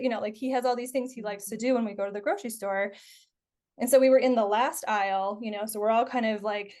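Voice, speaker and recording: A woman in her thirties with a fairly high voice hosts a relaxed podcast conversation. She talks in a loose, chatty way, with lots of "like" and "you know" between her thoughts. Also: fast talker. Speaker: podcast host. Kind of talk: casual conversational podcast chat.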